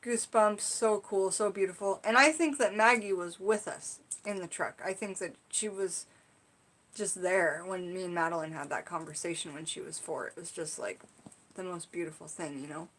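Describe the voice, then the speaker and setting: A woman's voice: fairly low pitch, moderate pace, a bit bright. A woman talks casually on a live stream, teaching about spiritual topics. Her speech wanders, full of fillers like "like" and "you know", as she tells stories and asks her viewers to guess. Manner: chatty, rambling, frequent "like" and "you know". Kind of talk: casual livestream teaching and storytelling.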